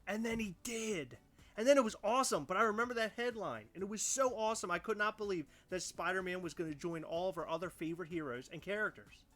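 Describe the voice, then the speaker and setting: Animated, ranting young man. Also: sits high. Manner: animated, mock-outraged ranting. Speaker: podcast co-host. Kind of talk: casual chat.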